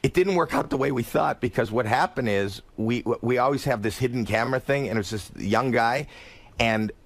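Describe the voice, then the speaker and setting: Animated male guest telling a story. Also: mid-range voice, moderate pace. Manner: animated storyteller, acts out quotes. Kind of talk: casual radio interview.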